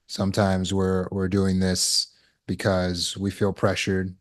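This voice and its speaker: A man's voice: low voice, monotone, slow. A man giving a spoken lesson to an online audience. As a healing course teacher, he asks rhetorical questions and repeats words while he thinks.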